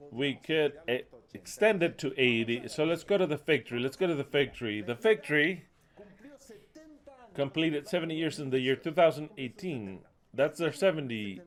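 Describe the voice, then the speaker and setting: An angry preacher drives a fiery sermon. He swears freely and raises his voice to curse, speaking at a middle pitch in a plain, unremarkable tone. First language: Spanish. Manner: fiery and profane, cursing loudly. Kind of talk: impassioned sermon.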